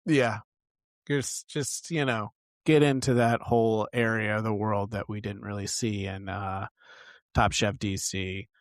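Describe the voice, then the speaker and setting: A man co-hosting a podcast, recapping a TV episode in casual, animated chat with plenty of fillers. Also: fairly low pitch, a little slow, dry recording. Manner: chatty, animated, lots of fillers. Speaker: podcast co-host.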